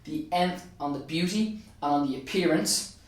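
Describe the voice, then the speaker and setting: Recorded from a distance in a very echoey room, an Irish man speaks at normal speed in a voice on the high side. He teaches and serves as a state examiner, and here gives an exam revision tutorial, explaining an answer step by step in both Irish and English while repeating the key phrases.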